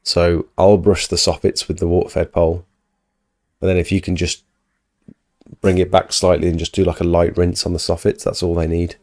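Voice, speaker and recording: A man hosts a live stream, casually answering viewer questions about pressure washing while recovering from an illness and losing his voice. He speaks at normal speed in a low, slightly mellow voice with little pitch movement.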